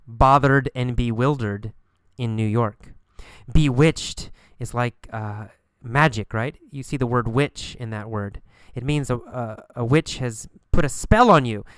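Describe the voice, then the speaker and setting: A man explains English words to learners in a smooth, clear voice. He talks patiently, repeats phrases over and over and acts out little examples. The sound is close and dry. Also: mid-range voice, fairly bright tone, no echo. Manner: slow, repetitive explaining with acted examples. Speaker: English teacher. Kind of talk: recorded English vocabulary lesson.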